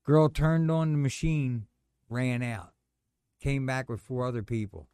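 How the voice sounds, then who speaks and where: A middle-aged man telling a personal story in casual chat, animated and acting out the voices of others. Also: mid-range voice, unhurried, smooth, no echo. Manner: animated storyteller, acts out quoted voices, says "man" a lot.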